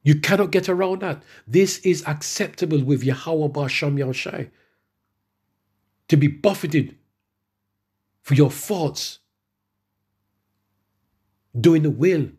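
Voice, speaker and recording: A man preaching a sermon, reading scripture verses slowly and then preaching with emphatic rises in his voice. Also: a little high, a little mellow, breathy edge.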